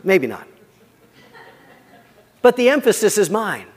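In a church, a pastor with a fairly high male voice delivers a sermon in an earnest, conversational way, often going soft to stress a point. He is expressive and speaks at a normal speed, his words ringing out with a long hall reverb.

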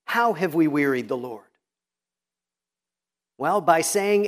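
A man preaching a sermon as pastor, reading scripture aloud and explaining it with emphatic pauses. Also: fairly high pitch, animated.

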